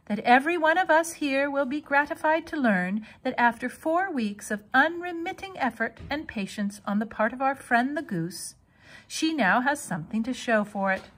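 A woman's voice: sits high, expressive, normal speed, a bit bright, voice pushed up. A woman voicing a wise, gracious female spider who speaks formally.

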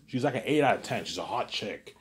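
A young man rambles on in a casual monologue, circling back to the same points and swearing freely. His voice sits a little low for a man. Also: lively intonation, quick pace. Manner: rambling, repetitive, swears often. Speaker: vlogger.

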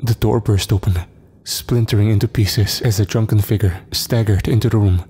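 A man narrating a horror story in a measured, dramatic, scripted style. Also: lowish voice, fairly even intonation, warm tone, a little hiss or hum. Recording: long reverb, faint music.

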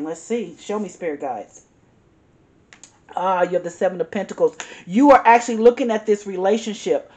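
A woman's voice: medium pitch, warm tone. A woman giving an earnest, encouraging tarot reading, repeating herself and calling the listener honey. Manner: emphatic, repeats herself, says "honey" and "y'all". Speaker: tarot reader.

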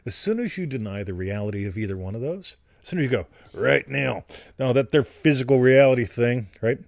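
Playful man with a lively voice. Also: mid-range voice, fairly quick, vocal fry, no room sound, clean studio sound. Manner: playful, joking and crude, keeps asking "right?". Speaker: co-host and teacher. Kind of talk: casual teaching chat on a livestream.

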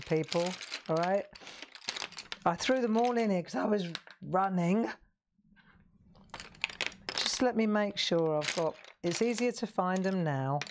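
Woman, low voice, chatty craft host, live demonstration. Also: darkish tone, a little hiss or hum. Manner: chatty, asks viewers questions, laughs often.

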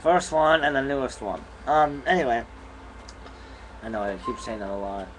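A man's voice: medium pitch, expressive, moderate pace, a bit bright, a little hiss or hum, low-quality recording. A young man casually vlogging from a bedroom at home, rambling in an easygoing way while chewing gum, recorded on a camera mic. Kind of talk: casual vlog chat.

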